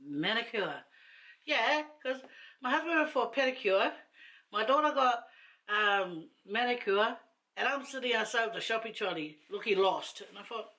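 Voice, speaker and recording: Bright-voiced New woman chatting. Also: medium pitch. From New Zealand. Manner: chatty, laughing, rambling asides. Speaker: mukbang vlogger. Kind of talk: casual chat to camera while eating.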